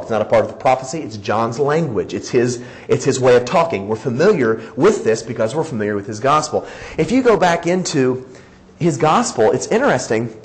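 A man's voice: medium pitch, low-quality recording. A man preaching a sermon, acting out quoted dialogue and chuckling as he goes. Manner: animated, acts out quoted dialogue, chuckles often. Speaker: pastor.

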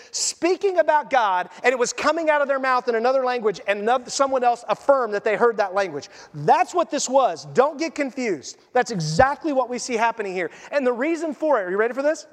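High-voiced preacher in an echoing hall. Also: male voice. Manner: conversational, animated preaching with asides. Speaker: pastor. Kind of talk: sermon. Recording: long reverb in a large hall.

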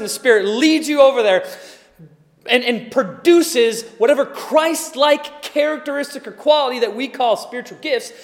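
A man in his forties preaching a sermon as pastor, animated, acting out little scenes and dropping to soft murmurs. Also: very high voice, long reverb tail. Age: 40s.

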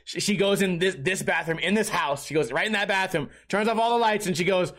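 A man with a high, sharp, bright voice hosts a comedy podcast. He rambles through crude, profane stories and keeps breaking off and restarting his sentences. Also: fairly quick. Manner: crude, profane storytelling with laughter. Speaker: podcast host and streamer. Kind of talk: comedic casual chat.

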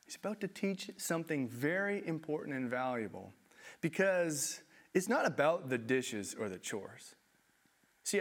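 Animated, conversational male preacher. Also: medium pitch. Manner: animated, conversational, self-deprecating. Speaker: pastor. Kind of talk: sermon.

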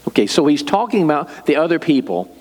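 An older man preaching a sermon as a pastor, telling stories in a relaxed, conversational way. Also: fairly high pitch, fairly quick, long reverb tail.

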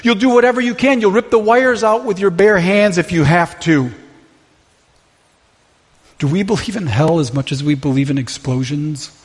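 A man's voice: sits high, moderate pace, husky. A man preaching a sermon from a church sanctuary, impassioned and full of rhetorical questions. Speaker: pastor. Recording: long reverb of a large hall.

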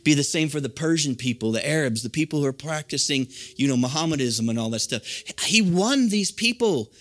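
A man's voice: on the high side, lively intonation, a little fast, no echo. American male pastor, conversational sermon delivery, dry close recording. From United States. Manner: earnest, conversational preaching with frequent fillers.

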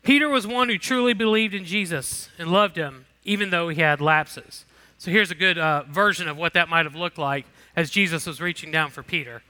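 A man's voice: fairly high pitch, moderate pace, bright, forceful tone. A man leading a Bible lesson, reading scripture aloud and commenting in a casual, conversational way. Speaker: Bible study teacher.

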